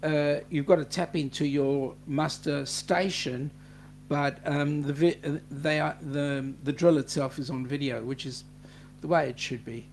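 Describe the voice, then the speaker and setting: An Australian man hosts a relaxed livestream, reading viewer messages aloud and joking with them. He talks at an unhurried pace, full of ums and restarts, with a faint hum in the background. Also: fairly high pitch. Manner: chatty, jokey, many fillers and restarts. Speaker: livestream host. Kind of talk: casual chat reading viewer comments.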